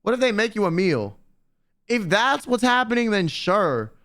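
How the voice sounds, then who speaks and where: A man's voice: sits high, very animated, normal speed, a bit bright. A young man streaming and chatting casually with viewers in a blunt, slangy way, swearing often.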